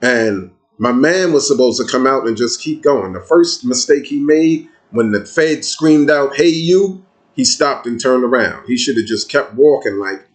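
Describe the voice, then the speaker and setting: A man's voice: mid-range voice, lively intonation, moderate pace, few pauses. A man with a casual, streetwise manner, telling a personal story in an emphatic, conversational monologue.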